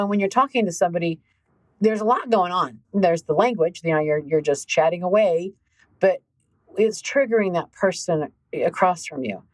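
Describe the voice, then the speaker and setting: A woman hosting a podcast as a coach, talking in an animated, emphatic way straight to her listeners. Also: on the low side, no echo, low-quality recording. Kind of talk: conversational podcast monologue.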